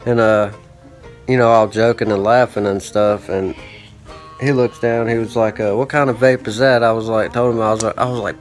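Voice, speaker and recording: A man's voice: fairly low pitch, steady tone, normal speed, faint music behind. A man telling a rambling, profane story in a casual vlog monologue, with lots of "I'm like" and asides. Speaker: vlogger.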